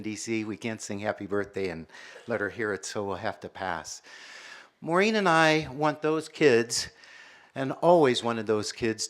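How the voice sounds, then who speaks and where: An American man in his sixties, a university professor giving a public lecture with measured storytelling. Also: mid-range voice, fairly bright tone. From United States. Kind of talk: public lecture with personal stories.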